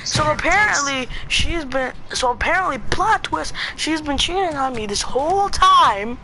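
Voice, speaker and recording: A man vlogger telling a storytime story in a rambling, excitable way, using "freaking" a lot, with music playing behind him. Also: very high voice, moderate pace, slight background noise, poor audio. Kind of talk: storytime vlog. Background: background music.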